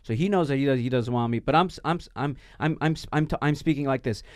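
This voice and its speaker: A man's voice: mid-range voice, fast talker, dry recording, studio quality. A man telling a story in casual podcast chat, swearing often and stumbling over restarts. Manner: profane, animated, stammering restarts. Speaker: podcast guest.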